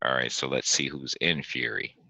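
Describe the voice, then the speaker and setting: Very deep-voiced man, animated storyteller. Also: normal speed, creaky, a crowd in the background, rough recording. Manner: animated storytelling, laughs often. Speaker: podcast host. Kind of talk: casual chat.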